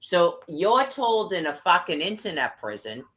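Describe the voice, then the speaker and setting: A woman's voice: on the low side, sing-song, unhurried, a bit bright. Furious cursing woman ranting. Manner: furious, cursing constantly, bitter and scornful. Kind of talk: angry profane rant to camera.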